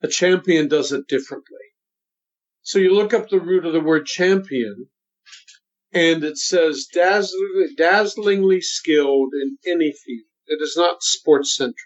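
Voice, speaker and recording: Older man coaching, dull lo-fi sound. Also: fairly high pitch. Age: 70s. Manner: deliberate, emphatic, instructive. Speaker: voice coach guest. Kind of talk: coaching interview talk.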